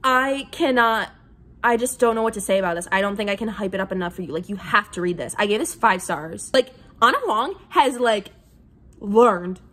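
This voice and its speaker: A woman casually reviewing books in a vlog, gushing and excitable, with lots of "like" fillers. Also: mid-range voice, moderate pace. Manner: gushing, excitable, heavy use of "like". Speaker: book reviewer.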